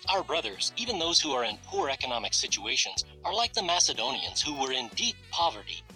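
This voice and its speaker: Earnest bright-voiced male narrator. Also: fairly high pitch, huge pitch swings, fairly quick, soft background music, poor audio. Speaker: narrator of a religious study video. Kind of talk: scripted narration.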